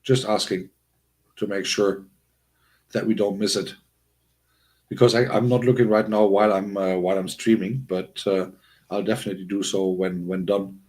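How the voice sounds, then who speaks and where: A man hosting a casual livestream, chatting with viewers in a rambling, animated way with frequent restarts and chuckles. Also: moderate pace, pauses often. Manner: bursts of high-pitched excitement. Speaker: livestream host. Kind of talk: casual livestream chat, talking to chat.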